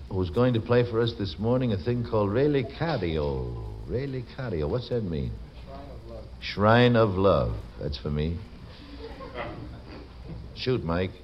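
Low-voiced wry radio host, lo-fi. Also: male voice, lively intonation, moderate pace, pauses often. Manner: wry, teasing, quips after reading aloud. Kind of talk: joking radio show banter with sponsor plugs. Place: radio studio. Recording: dull lo-fi old radio broadcast with faint hiss.

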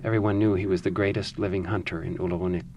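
A man, an author, speaking thoughtfully about his writing and reading his own novel aloud in a measured way. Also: low-pitched, steady tone, a little mellow, a little hiss or hum.

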